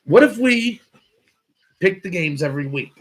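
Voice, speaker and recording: High-voiced teasing young man. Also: animated, moderate pace, slightly rough. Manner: teasing, swears casually. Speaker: podcast co-host. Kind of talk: casual chat.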